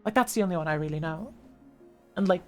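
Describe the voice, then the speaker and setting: A woman's voice: fairly low pitch, fast talker. A woman streamer chatting casually, reading chat aloud, with lots of fillers and restarts. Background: faint background music.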